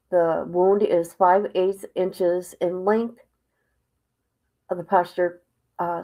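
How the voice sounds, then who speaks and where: A woman hosting a casual livestream, reading a report aloud haltingly and breaking off with exclamations and asides to her viewers. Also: lowish voice, mellow, poor audio. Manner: drops into whispers at times. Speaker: livestream host.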